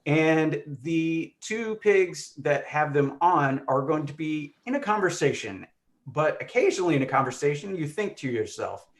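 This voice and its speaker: A man's voice: a little high, big pitch swings, normal speed. A man directing a live online improv comedy show, upbeat and full of fillers.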